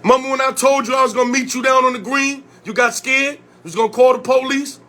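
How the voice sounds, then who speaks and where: A man from Connecticut with a notably high voice delivers a confrontational vlog rant. He swears freely and fires off repeated questions. He sounds like a community organizer calling people out. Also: steady tone, fast, pushed and bright. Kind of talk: heated direct-to-camera rant.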